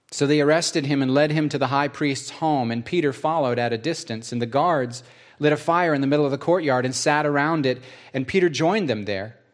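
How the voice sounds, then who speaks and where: A man preaching, reading scripture aloud as an expressive storyteller with casual asides. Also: medium pitch. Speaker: pastor.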